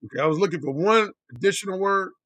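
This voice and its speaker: This middle-aged dating coach talks at a quick pace in a slightly bright voice, with no room sound, while answering chat on a livestream. He swears freely, speaks bluntly, hammers his points through repetition, and puts on a high voice when quoting other men.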